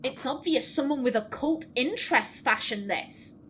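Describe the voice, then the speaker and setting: Young woman, high voice, chatty let's-play host thinking aloud over faint hiss. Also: expressive, normal speed, fairly bright tone. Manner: chatty, thinks aloud and reads game text aloud. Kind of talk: casual gameplay commentary.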